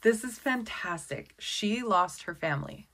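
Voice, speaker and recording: A woman giving a casual tarot deck walkthrough, chatty and excitable, often exclaiming over the cards. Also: medium pitch, a little slow. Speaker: tarot content creator.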